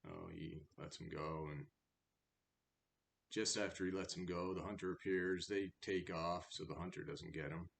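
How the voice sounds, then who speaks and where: A man reading a verse fable aloud, then retelling it in a relaxed, chatty way. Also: low voice, normal speed, gravelly, slight background noise. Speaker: storyteller.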